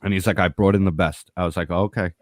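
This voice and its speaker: A man's voice: sits low, quick pace, dry recording, studio quality. A man telling a story in casual podcast chat, swearing often and acting out each exchange of dialogue with animation. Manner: profane, animated, acts out dialogue. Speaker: podcast co-host.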